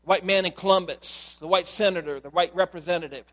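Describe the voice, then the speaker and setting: A pastor in a sanctuary delivers his sermon with a fairly high voice. He tells stories with animation and acts out the voices in them. Long reverb from the hall trails his words. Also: brisk, a bit bright, lo-fi sound.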